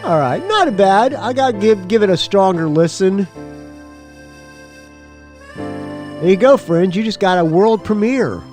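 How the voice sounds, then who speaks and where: A man's voice: high-pitched, lively intonation, a little slow, long pauses, darkish tone, soft background music. A man hosting a casual podcast, rambling and profane, laughing between his asides. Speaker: podcast host. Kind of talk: casual solo podcast chat.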